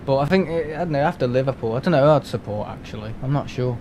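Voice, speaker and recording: A man's voice: mid-range voice, expressive, fast talker, a little mellow, slight background noise. A man from England chatting casually and rambling on a live game stream from home, with lots of restarts and fillers.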